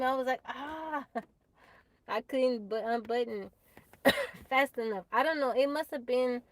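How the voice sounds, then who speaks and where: A woman's voice: on the high side, dry recording, rough recording. A woman chatting casually on a live stream, laughing often and talking straight to her viewers. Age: adult, mother of a child. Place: tiny house off the grid.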